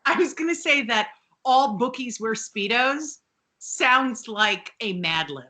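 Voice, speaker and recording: A woman co-hosting a podcast in casual chat, sarcastic and animated, swearing freely. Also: on the high side, takes it slowly, background noise. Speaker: podcast co-host.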